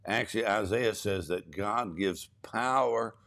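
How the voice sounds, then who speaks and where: Deep-voiced man teaching scripture. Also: unhurried. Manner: steady, explains scripture, affirming with short agreements. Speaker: minister. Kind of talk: conversational Bible teaching.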